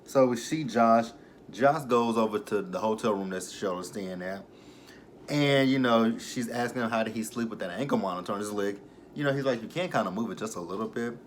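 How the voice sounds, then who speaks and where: A young man casually recapping a reality show, laughing and swearing freely and mocking the cast in quick asides. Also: fairly low pitch, a little hiss or hum. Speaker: YouTube reality-show reviewer.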